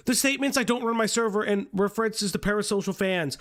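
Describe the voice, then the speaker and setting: A young man hosting a livestream, reacting with exasperated, profane commentary and shouting at his chat. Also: high-pitched, fast, hardly any pauses. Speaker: stream host.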